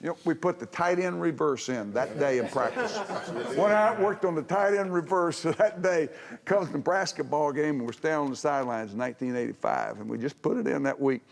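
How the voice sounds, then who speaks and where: In an echoey, large event hall, an older man who once worked as a head coach tells folksy, boisterous stories on a reunion panel, laughing through his punchlines. His voice is a little high, brisk and gravelly.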